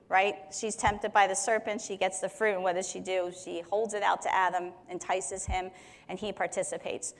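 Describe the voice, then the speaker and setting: Woman giving a conversational Bible teaching. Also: medium pitch. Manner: conversational, explains with everyday examples and quotes.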